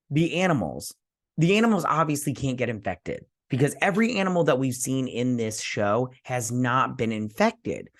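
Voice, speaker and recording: A tired man hosting a casual TV review, retelling an episode in a rambling, chatty way and often breaking off to give his own reactions. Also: mid-range voice. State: tired, yawning. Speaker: TV review host.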